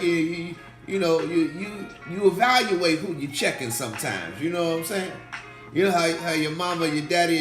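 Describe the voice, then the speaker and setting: Hoarse-ish pastor guy on a livestream, lively and repetitive, greeting chat folks, kinda roomy echo. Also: on the high side. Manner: animated, repeats phrases, calls out to chat viewers. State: slightly hoarse. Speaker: pastor hosting a faith livestream. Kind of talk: casual livestream preaching talk. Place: indoor room, livestream. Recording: echoey room with faint music.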